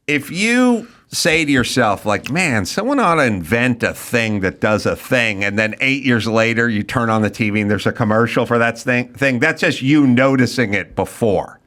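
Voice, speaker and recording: A man's voice: lowish voice, a bit bright. A middle-aged man hosting a podcast, telling crude, rambling stories in casual banter. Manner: blunt, crude, rambling storyteller. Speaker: podcast host.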